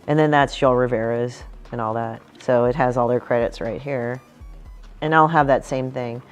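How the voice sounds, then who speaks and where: She has a bass voice, speaks at normal speed with fairly even intonation, and faint music plays behind her. The woman, a comic artist, talks casually and profanely about her book, performing quotes from her stories in other voices.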